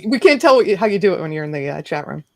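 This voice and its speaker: A woman's voice: on the low side, very animated, racing. Upbeat woman hosting a live stream. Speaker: host. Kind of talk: live-stream hangout chat.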